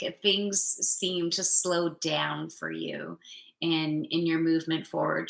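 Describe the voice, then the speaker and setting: Female card reader, upbeat and chatty, slow unhurried delivery, bright tone. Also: deep voice, vocal fry, echoey room, low-quality recording. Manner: chatty, upbeat, loose and playful. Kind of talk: channelled weekly card reading.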